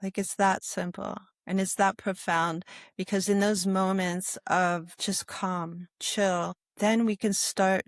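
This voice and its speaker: A woman yoga instructor talking in a calm interview, with a soothing, guiding manner and a habit of asking "right?". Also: mid-range voice, slow pace, no echo, studio quality. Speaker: yoga instructor and sobriety guest. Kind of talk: calm conversational interview talk.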